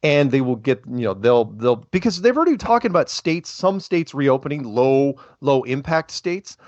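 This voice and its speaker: Guy hosting a call-in show, rambly and animated, keeps restarting, dry muffled sound. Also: mid-range voice, moderate pace, no room sound. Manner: rambling, animated, self-interrupting. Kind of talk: casual call-in chat. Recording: dull, lo-fi phone-style sound.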